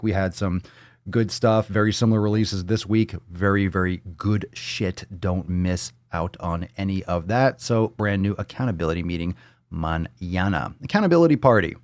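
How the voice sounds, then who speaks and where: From home on a video call, a man hosts a live fitness Q&A stream, ranting casually in a blunt, fired-up, profane manner. His voice is low-pitched at normal speed, with a dry, clean studio sound.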